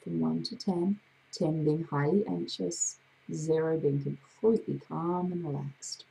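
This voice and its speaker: A woman hypnotherapist with a gravelly voice, leading a slow, soothing guided breathing exercise. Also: low voice, steady tone, warm tone, poor audio. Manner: slow, soothing, drawn-out guidance.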